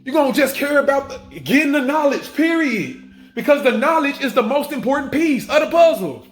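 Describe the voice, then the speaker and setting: A spiritual vlogger speaks in a very high-pitched male voice with big swings in pitch, going a little fast. He delivers an emphatic, repetitive monologue to his viewers, restating each point and swearing casually, in an echoey room with faint music behind him.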